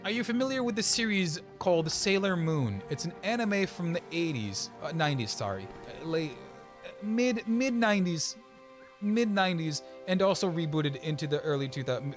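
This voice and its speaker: A young man streaming a game and chatting casually, rambling with many restarts and quick laughs. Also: fairly high pitch, expressive, soft background music. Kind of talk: casual chat while gaming.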